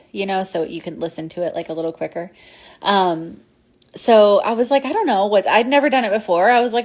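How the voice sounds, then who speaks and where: A woman telling a personal ghost story in a casual, rambling way, full of fillers and restarts. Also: mid-range voice. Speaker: podcast host.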